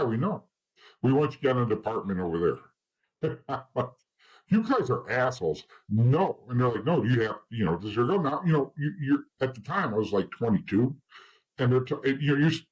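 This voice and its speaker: A man's voice: mid-range voice, husky, poor audio. A man guest in an interview, telling stories in blunt casual talk with swearing and acting out the dialogue of the people in them.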